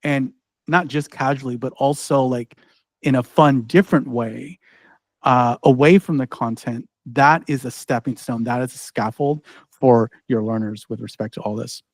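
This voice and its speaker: A man's voice: mid-range voice, fairly even intonation, moderate pace, no room sound. A man presenting a live online workshop, talking casually with lots of "like" and "right?" and frequent restarts as he walks through a demo. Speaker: ed-tech trainer presenting a workshop.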